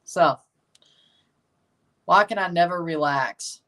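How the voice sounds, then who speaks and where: A man hosting a casual livestream, rambling, chatting with viewers and turning loud and emphatic when he passes judgment. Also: a little high, slow pace, distant mic. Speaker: livestream host ranking soccer kits.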